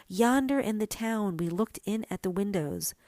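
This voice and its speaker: A woman voicing a chattering flock of boastful sparrows who talk in a chirpy, quick way in a storybook reading. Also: mid-range voice, lively intonation, a little mellow, dry recording, natural voice. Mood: excited.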